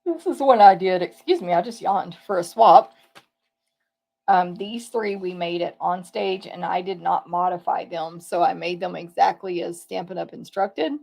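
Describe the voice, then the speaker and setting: Speaking at a measured pace with little pitch movement, a woman with a fairly low, creaky, darkish voice gives a casual live tour of papercraft products. She chats away, thinking aloud and correcting herself.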